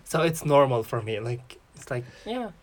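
A podcast co-host in casual chat, speaking in halting, simple phrases and sounding thoughtful. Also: mid-range voice, big pitch swings, a little mellow.

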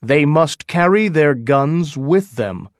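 A man's voice: on the high side, expressive, slow pace, dry recording, studio quality. A man voicing a careful male expedition leader in a storybook reading, speaking firmly and with command.

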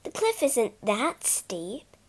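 A brave older sister, earnest and soothing, as a woman reader puts her on. Her high voice moves slowly and kindly through the storybook lines. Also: animated. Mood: earnest caring. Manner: earnest and comforting.

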